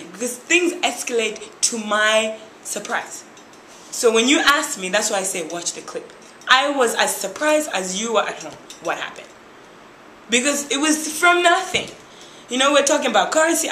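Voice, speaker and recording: A woman's voice: a little high, brisk. A young woman from Tanzania, a former reality show contestant, telling her story in an interview and acting out what people said. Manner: lively storyteller who acts out other people's lines. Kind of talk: interview, animated retelling. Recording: echoey room with faint noise.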